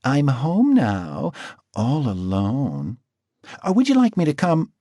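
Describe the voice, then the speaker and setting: A man's voice: medium pitch, huge pitch swings, takes it slowly, warm tone, no echo, pitched above the performer's own voice, full character voice. Performed by a man, a teasing, lisping caller purrs through the lines in a raised, playful register that swoops around, close and dry in the audiobook mix. He is flirtatious and coy, never letting up. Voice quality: slight lisp. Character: effeminate male caller with a slight lisp, flirtatious. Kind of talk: audiobook character voice.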